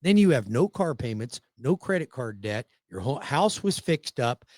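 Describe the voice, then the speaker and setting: A man hosting a radio show as a mortgage lender, telling a client story in a persuasive, animated way, with big swings in pitch and loudness for emphasis. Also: normal speed, dry recording, studio quality.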